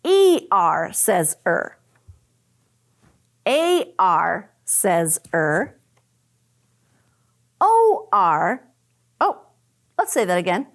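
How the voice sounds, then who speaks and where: A woman teaching a phonics lesson to young children, sounding out letter patterns slowly and praising often. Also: mid-range voice, sing-song. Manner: slow, exaggerated sounding out of letters; cheerful praise and questions to the listener. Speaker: first grade teacher.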